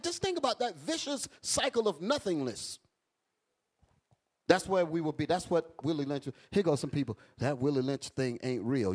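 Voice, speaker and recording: A man with preaches a sermon as bishop, joking and animated. His voice sits fairly high and swings widely from low asides to soaring lines. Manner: animated, joking, street talk.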